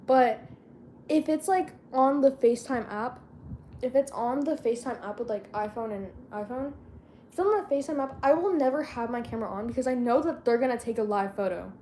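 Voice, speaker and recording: A woman's voice: fairly high pitch, a little fast, mellow, a little hiss or hum. A teenage girl vlogging in a casual chat, rambling and slangy and often losing her train of thought.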